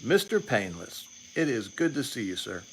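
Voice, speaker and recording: A man's voice: lowish voice, sing-song, moderate pace, a little hiss or hum, rough recording. A man in his late forties hosting a livestream, talking in a rambling, opinionated way and often restarting his sentences. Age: 40s. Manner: rambling, repeats words and restarts, sarcastic asides. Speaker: livestream host. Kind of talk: casual political commentary.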